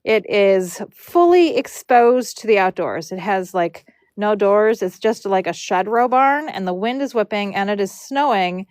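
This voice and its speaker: A woman's voice: mid-range voice, expressive, unhurried, few pauses, a little mellow, no room sound. Woman streamer, chatty rambling storyteller, mid-range voice, dry close sound. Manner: chatty, rambling, lots of fillers and restarts. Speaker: braider and live streamer. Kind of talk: casual storytelling on a live stream.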